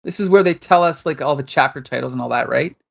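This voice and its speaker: A man's voice: fairly high pitch, fast, gravelly. A man co-hosting a podcast, casually retelling a comic book with lots of fillers, restarts and frequent laughs. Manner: rambling, laughs often, many fillers. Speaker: podcast co-host.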